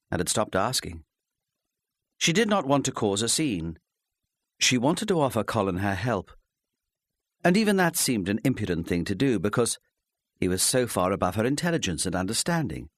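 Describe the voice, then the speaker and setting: A man narrating an audiobook in a measured, expressive storytelling manner on a close studio mic. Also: fairly low pitch, dry recording.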